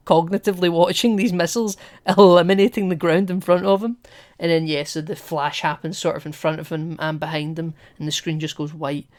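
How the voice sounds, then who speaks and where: A man co-hosting a podcast, talking casually and with opinions about a film, retelling scenes in an animated way and swearing now and then. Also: fairly high pitch. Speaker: podcast co-host.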